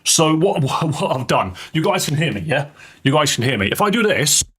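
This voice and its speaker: A man's voice: on the high side, sing-song, moderate pace, fairly bright tone, husky. A man chatting casually on a live game stream, rambling, joking and swearing as he goes. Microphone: headset.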